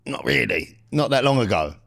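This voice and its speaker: A man's voice: mid-range voice, lively intonation, moderate pace, gravelly, a bit bright, dry recording, clean studio sound. A man co-hosting a podcast, laddish and confident, calling everyone mate. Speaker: podcast co-host. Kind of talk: casual chat.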